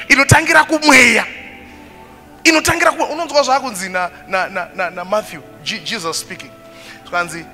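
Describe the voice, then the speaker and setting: A man preaching a sermon in a high, ringing voice. He moves between lively, animated passages and quieter reflective ones, with soft music faintly underneath. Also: brisk, long reverb tail. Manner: switches between Shona and English, animated preaching with laughter. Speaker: pastor.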